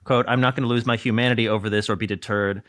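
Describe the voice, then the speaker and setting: A man's voice: lowish voice, fairly even intonation, very fast, a bit bright, dry recording, studio quality. A man hosting a casual political podcast, sarcastic and jokey, swearing freely. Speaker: podcast host.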